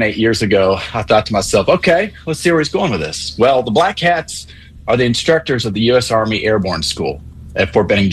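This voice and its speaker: A man calling in to a radio show, talking in a measured, wry, digressive way. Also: fairly low pitch, slightly rough, poor audio. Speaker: caller.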